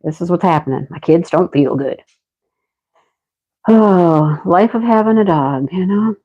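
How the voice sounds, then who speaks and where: A middle-aged woman chats unhurriedly on a livestream, fussing over her dogs and greeting viewers by name. Her voice sits a little low, and she takes her time. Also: lively intonation, a little slow, muffled recording. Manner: chatty, talks to her dogs and reads out viewer names. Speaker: livestream host. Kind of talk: casual livestream chat.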